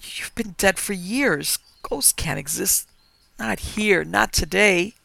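Guy doing a terrified tormented dude, cries out loud, gravelly voice. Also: high-pitched, slow pace, dry recording, voice pushed up, full character voice. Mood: anguished. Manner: strained and anguished.

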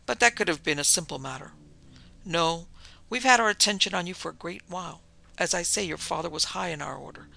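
A man reading the part of a smooth, domineering older doctor who leads a secret order, speaking in a coolly persuasive way. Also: sits high, bright, forceful tone, full character voice, rough recording.

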